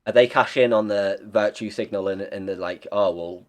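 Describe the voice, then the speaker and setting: A man's voice: fairly low pitch, fairly even intonation, normal speed. Young man, podcast guest; blunt, rambling, casual swearing. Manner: rambling, blunt, swears freely, many restarts. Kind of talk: casual chat.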